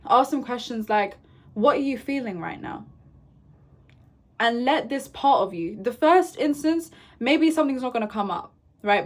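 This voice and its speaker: A young woman giving self-help advice in a casual vlog, coaching gently and often checking in with "right?" and "okay?". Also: on the high side. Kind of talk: casual advice talk to camera.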